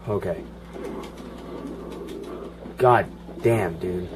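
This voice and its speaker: A man's voice: deep voice, drawn-out words, a little hiss or hum. A man giving casual, profane running commentary while playing a video game, grumbling and joking at it. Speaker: gaming channel host.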